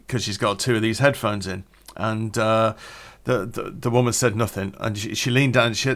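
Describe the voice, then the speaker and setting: A man's voice: fairly low pitch, fairly even intonation, moderate pace, fairly bright tone. Man, podcast host, casual rambling chat, laughs at his own gags. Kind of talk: casual storytelling podcast intro.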